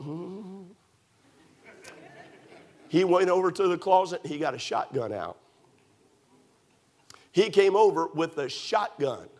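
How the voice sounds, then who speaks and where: A man's voice: high voice, normal speed. A man preaching a sermon, building with emphatic rhetorical questions and storytelling. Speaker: pastor.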